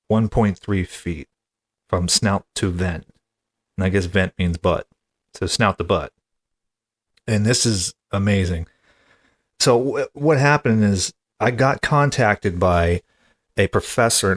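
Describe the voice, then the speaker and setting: Male comedy podcast host, lower voice, casual rambling delivery with exasperated asides.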